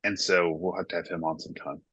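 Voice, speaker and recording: A man's voice: sits low, level tone, fast talker, fairly bright tone, husky, no echo. A man in his thirties, a worship pastor, talking candidly and reflectively in a casual podcast conversation. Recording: dull lo-fi dry sound.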